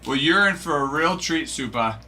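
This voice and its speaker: A man hosting a live card-opening stream, chatting excitably and breaking into yells of delight. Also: fairly high pitch, normal speed, slight background noise.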